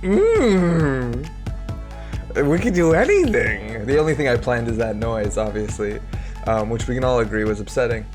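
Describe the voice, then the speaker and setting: Male streamer, mid-pitched, winded, casual chat over soft background music. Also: animated, normal speed. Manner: chatty, greets viewers by name. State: out of breath. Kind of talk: live-stream chat about a card game. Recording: faint music behind.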